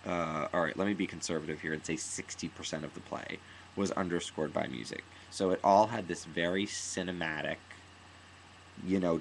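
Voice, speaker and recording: A man's voice: low-pitched, fairly bright tone, slight background noise, low-quality recording. A man giving an opinionated, rambling spoken theater review, full of fillers and restarts, now and then acting out lines in an exaggerated voice. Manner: acts out quoted lines in an exaggerated voice.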